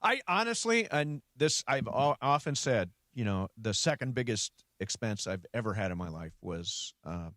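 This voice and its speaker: A man's voice: mid-range voice, very animated, moderate pace, hardly any pauses, a bit bright, no echo, studio quality. A man co-hosting a sports radio show, chatting casually and laughing easily.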